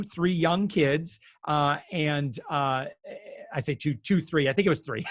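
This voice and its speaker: Here a guest consumer expert from the United States explains things casually, his male voice pitched fairly high. He's lively, leans on fillers, restarts often, and performs the quotes he relays. There's no room sound; he sounds dry and up close.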